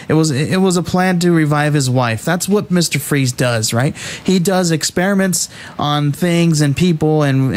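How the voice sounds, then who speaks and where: A man hosting a casual comic book review podcast, talking in an animated, halting way with many restarts. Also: on the high side.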